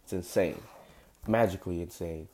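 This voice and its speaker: A young man hosts a solo podcast in a casual monologue, sounding groggy because he has just woken up. His voice is low and darkish at a moderate pace, and he rambles with lots of fillers and emphatic repetition.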